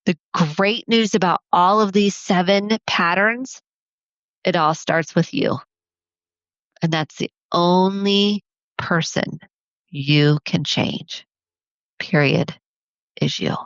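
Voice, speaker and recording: A woman's voice: fairly low pitch, no room sound, lo-fi sound. Earnest encouraging woman podcast host. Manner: earnest and encouraging, counts points off slowly. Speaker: podcast host and family therapist. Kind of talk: solo podcast talk.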